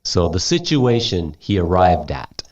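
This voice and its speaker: A low-voiced man teaches English at an unhurried pace, reading a story aloud and stopping to explain words. He repeats each word several times for students to copy, and his pitch moves a lot. The recording sounds slightly dull and lo-fi. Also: very animated, darkish tone.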